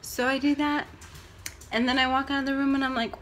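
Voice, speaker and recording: A young woman vlogger telling a story casually to the camera, acting out her own reactions with big swings between soft and loud. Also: high voice, flat delivery, fairly quick, a little hiss or hum.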